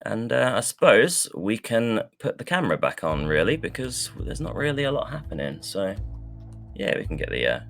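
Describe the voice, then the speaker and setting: A man casting a live esports match, chatting loosely with many fillers while he fills the pauses. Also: on the low side, big pitch swings, a bit bright, faint music behind. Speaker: esports caster.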